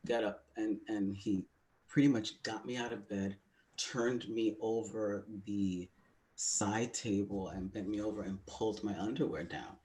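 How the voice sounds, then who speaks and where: A man's voice: lowish voice, steady tone, a little slow, a little mellow. A man co-hosting a webinar, telling a personal story in a frank, confiding way with plenty of fillers. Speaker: webinar co-host.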